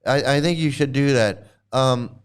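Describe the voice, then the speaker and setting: A man's voice: medium pitch, measured pace, clean tone. A man hosting a casual livestream chat, rambling and stammering, laughing often and mocking. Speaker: channel host.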